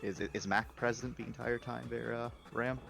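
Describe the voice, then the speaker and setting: A man narrating a tabletop game as game master, halting and stammering as he restarts his questions. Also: mid-range voice, flat delivery, gravelly, a bit bright, soft background music.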